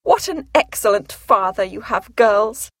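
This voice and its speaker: A woman reading aloud and putting on the voice of an excitable, fretful middle-aged mother, high and emphatic. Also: measured pace, no echo, studio quality. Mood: indignant.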